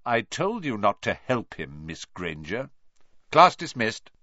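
A man's voice: on the low side, very animated, takes it slowly, bright, forceful tone, no room sound, full character voice. A man doing stern sneering schoolmaster, clipped and raised, dry muffled audio. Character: cold, stern male potions teacher.

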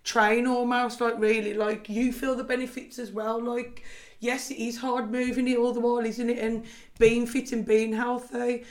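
Chatty Scouse woman, fairly high voice. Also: level tone, moderate pace, darkish tone. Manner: chatty, lots of "like" fillers, laughs often. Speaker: guest, personal trainer and business owner. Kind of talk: casual podcast chat.

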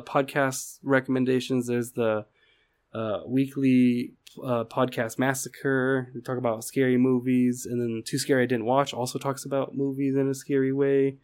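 A man's voice: medium pitch, a little mellow. A man co-hosting a podcast in casual chat, joking and swearing loosely. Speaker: podcast co-host.

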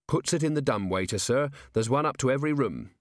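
A man's voice: medium pitch, expressive, fairly quick, no echo, studio quality, pitched above the performer's own voice, lightly acted. A man voicing an earnest, helpful young male watch officer with a dutiful, eager politeness.

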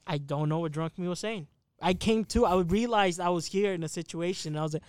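High-voiced young man telling a story. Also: fairly quick, clean tone, no room sound. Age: 20s. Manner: rambling, profane, laughs at himself. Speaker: podcast co-host telling a story. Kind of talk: casual storytelling chat.

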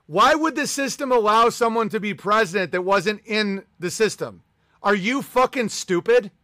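A young adult man hosts a podcast in a profane, mocking rant. His voice sits high and cuts through bright and tense. The sound is close and dry, with no room around it. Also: expressive, normal speed, no echo. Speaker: podcast host. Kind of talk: comedic political rant.

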